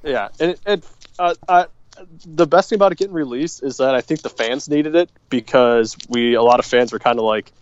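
A man's voice: medium pitch, fairly quick, no room sound, lo-fi sound. A man co-hosting a casual sports podcast, talking in a rambling, profane way with plenty of fillers. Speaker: podcast co-host.

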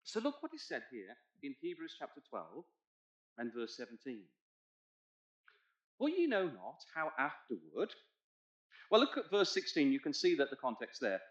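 A man's voice: mid-range voice, wildly swooping pitch, normal speed, long pauses, highs cut off. A man preaching a Bible sermon, guiding his congregation through the text and rising to emphatic points. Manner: expository, asks congregation to look in their Bibles; emphatic, swells loud on key points. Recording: echoey church hall.

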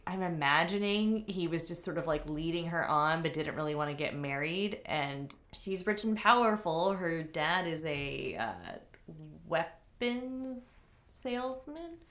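A woman's voice: sits low, expressive, measured pace, fairly bright tone. A woman co-hosting a casual podcast chat, talking in an effusive, gushing way. Her sentences run on, full of "like" fillers, as she shares strong feelings. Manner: effusive, gushing, heavy use of "like". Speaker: podcast co-host.

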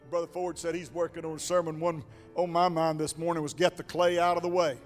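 A man preaching a sermon, moving from quiet reflection to shouted exclamations in a rhythmic preaching cadence. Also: on the high side. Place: church sanctuary. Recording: long hall reverb, faint music.

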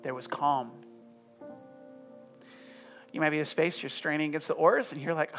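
A man preaching a sermon to a congregation, firing off emphatic questions and then dropping into soft, hushed prayer. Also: on the high side, fairly even intonation, moderate pace, long pauses. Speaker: pastor. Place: church room with congregation. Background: soft music.

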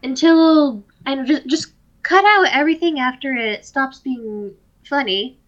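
A woman's voice: high-pitched, unhurried. A young woman co-hosting a podcast, joking playfully and laughing easily. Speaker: podcast co-host. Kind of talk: casual chat. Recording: dull lo-fi mic.

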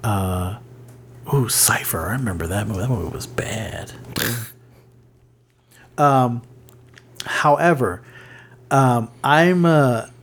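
Male podcast co-host, mid-pitched, loose and rambling, stumbles and restarts while reading notes. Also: slow pace, pauses often, a little hiss or hum. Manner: rambling, many fillers and restarts, reads notes aloud. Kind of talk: casual chat.

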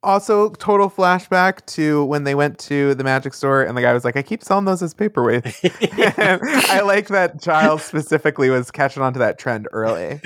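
A man co-hosting a casual podcast chat, tossing in quick jokes and asides. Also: on the high side, expressive, fairly bright tone, clear, resonant tone, no echo, studio quality. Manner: quippy, jokey asides. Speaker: podcast co-host.

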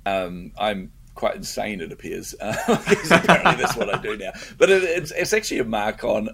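A middle-aged man, a guest entrepreneur, chatting in an interview and telling stories with animated energy, laughing often and repeating words. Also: lowish voice, gravelly, a little hiss or hum. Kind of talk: casual interview chat.

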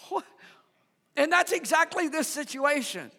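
A male pastor preaching a sermon in an animated, conversational way, often asking the congregation questions. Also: extremely high pitch, brisk, big-room sound. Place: church sanctuary.

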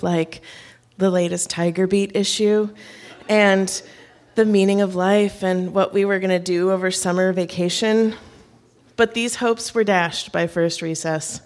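A woman on stage telling a personal story to an audience in a wry, self-mocking way, with light laughs. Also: medium pitch.

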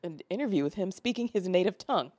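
Excitable podcast co-host, dry close sound. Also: medium pitch, no room sound. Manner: animated, quick to react, exclaiming. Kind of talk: casual film discussion.

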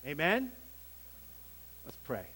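Animated preaching man in a reverberant hall. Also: a little high, takes it slowly, slightly rough. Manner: preaching with emphatic swells and drops, some restarts. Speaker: pastor. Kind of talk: sermon.

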